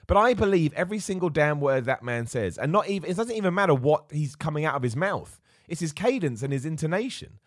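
A man's voice: fairly high pitch, animated, quick pace, few pauses, no echo, studio quality. A man hosting his own wrestling show, giving enthusiastic, rambling opinions with frequent restarts. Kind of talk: casual opinion commentary.

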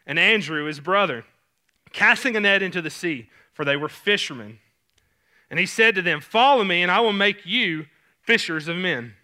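Bright-voiced Southern man preaching. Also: on the high side. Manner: casual, conversational preaching with many fillers. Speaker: youth pastor. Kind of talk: sermon. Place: church sanctuary stage.

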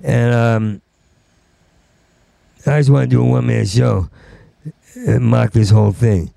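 A man's voice: medium pitch, fairly even intonation, a little slow, gravelly, mellow, no echo. A middle-aged man doing a rambling, profane stand-up rant, stuttering and restarting his words. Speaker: stand-up comedian.

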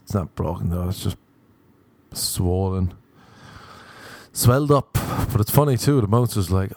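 A man's voice: sits low, normal speed, creaky, darkish tone, husky, no echo. Irish man telling a rambling crude story. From Ireland. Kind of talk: storytelling monologue.

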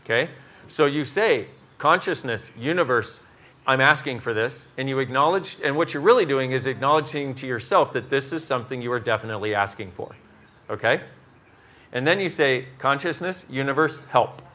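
A man's voice: medium pitch, expressive, brisk, sharp tone. A man leading a live class, talking animatedly, acting out inner voices, swearing and laughing at his own jokes. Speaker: workshop facilitator. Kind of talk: live workshop talk. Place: class in front of an audience.

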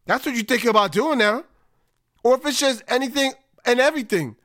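A man's voice: very high voice, a little fast, fairly bright tone, dry recording, clean studio sound. A man ranting casually about his team's struggles, frustrated and conversational, drawing out words for emphasis. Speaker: podcast host. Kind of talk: casual sports rant.

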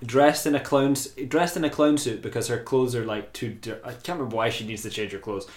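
A man's voice: mid-range voice, fairly even intonation, brisk. Sweary rambling podcast man, roomy sound. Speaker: podcast host. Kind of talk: casual film review chat. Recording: roomy echo.

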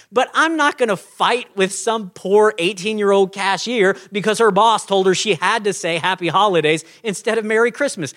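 A man preaching a sermon as a pastor, in a conversational, animated way, acting out little scenes. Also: high-pitched.

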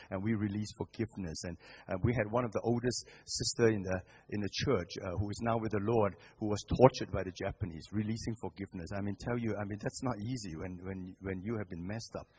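Man, middle-aged, husky voice, guest sermon, animated, hushed-to-loud swings, frequent restarts. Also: on the low side. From Singapore. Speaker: guest preacher.

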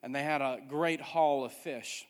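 A man's voice: medium pitch, fairly even intonation, a little slow. A male pastor preaching a sermon, emphatic, repeating his refrains. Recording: hall with long reverb.

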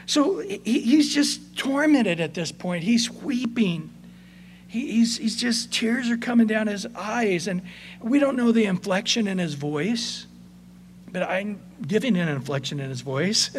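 Slow, high-voiced man preaching a sermon. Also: lively intonation, a little hiss or hum. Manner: conversational, swings between soft and emphatic. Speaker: pastor.

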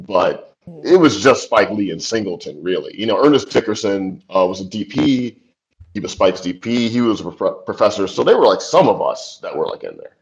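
A man in his forties, a screenwriter being interviewed, telling stories in a loose, chatty way, full of "like" and "you know" asides and easy laughter. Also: low voice. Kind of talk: casual storytelling. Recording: dull lo-fi recording.

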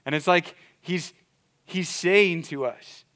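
A man's voice: a little high, takes it slowly, fairly bright tone. A man preaching a sermon as a pastor, earnest and emphatic, repeating his key points.

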